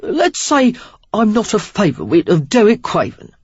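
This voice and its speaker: A woman's voice: mid-range voice, very animated, moderate pace, darkish tone, breathy edge, no room sound, pitched above the performer's own voice. A woman voicing a stocky, roguish Cockney man who talks in a breezy, flirtatious way, on a dull, slightly muffled audiobook recording. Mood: easy. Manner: breezy, flirtatious, casual slang.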